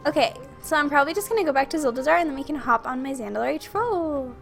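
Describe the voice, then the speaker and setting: A woman's voice: high voice, very fast, gravelly, a bit bright, faint music behind. A young woman from Minnesota with a Minnesotan accent, chatting and giggling casually as she streams a video game. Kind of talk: casual chat while playing a video game.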